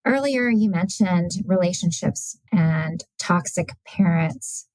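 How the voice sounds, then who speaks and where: Gravelly low woman host, dry sound. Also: darkish tone, no echo, poor audio. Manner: measured, careful questioning. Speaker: podcast host. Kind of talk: podcast interview questions.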